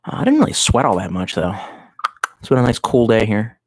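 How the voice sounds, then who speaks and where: A man's voice: lowish voice, sing-song, a little fast, darkish tone, no echo. A man casually chatting on a home livestream, rambling and swearing, with many restarts. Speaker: streamer.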